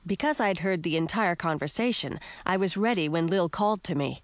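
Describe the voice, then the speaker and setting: A woman's voice: lowish voice, brisk, few pauses, no room sound. A woman narrating a children's storybook expressively, speaking as a princess frog in first person. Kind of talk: storybook reading.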